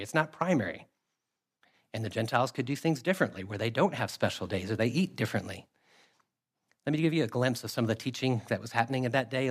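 Conversational male preacher, mid-pitched. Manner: conversational preaching with emphatic repetition; reads scripture aloud in a steady cadence. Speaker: pastor. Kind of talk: sermon.

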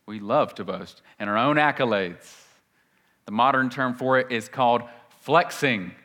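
A man preaching a sermon, emphatic, swinging between loud declarations and hushed asides, reading scripture with dramatic weight. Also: medium pitch, unhurried.

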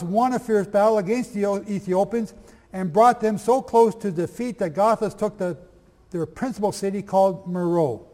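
A man teaching a lively sermon, reading aloud from old texts and firing questions at his audience. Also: high voice, big-room sound. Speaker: preacher.

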